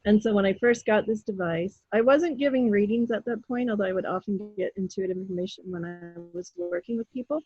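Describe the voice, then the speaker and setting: Husky woman telling a lively story. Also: mid-range voice, a little fast, few pauses, dry recording, highs cut off, faint music behind. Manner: animated storyteller who acts out her own pleas and quotes. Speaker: guest, intuitive healer. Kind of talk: casual storytelling in an interview.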